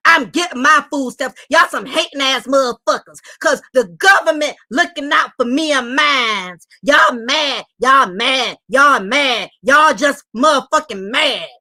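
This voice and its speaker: A woman voicing a loud, furious single mother who shouts, curses and repeats herself while ranting defensively. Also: high-pitched, unhurried, hardly any pauses. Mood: angry ranting. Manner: shouting, cursing, repetitive ranting. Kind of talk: comedic rant impression.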